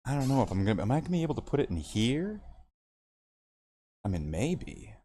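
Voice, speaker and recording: A man's voice: mid-range voice, big pitch swings, a little fast, mellow, slight background noise. A man from Canada hosting a casual livestream while he paints models, rambling, self-mocking and repeating words as he goes. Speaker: hobby streamer.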